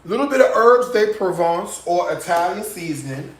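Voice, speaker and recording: A man's voice: high-pitched, expressive, normal speed. A man hosting a live cooking show, talking sassily and directly to his viewers and checking in with them often. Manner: sassy, chatty, addresses viewers directly, frequent "okay?" tags. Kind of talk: live cooking demonstration with sales pitch. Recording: echoey room with faint noise.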